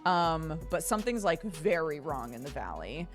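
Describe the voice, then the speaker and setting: A woman's voice: low-pitched, normal speed. Chatty, laughing woman streamer. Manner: chatty, laughs often, animated storytelling. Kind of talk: casual chat with stream chat. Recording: faint background music.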